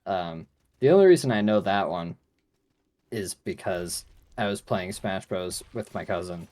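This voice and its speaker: Rambling, cussing man with a lowish voice. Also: lively intonation, measured pace, darkish tone. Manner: rambling, filler-heavy and profane. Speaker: co-host playing a video game. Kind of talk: casual gaming chat.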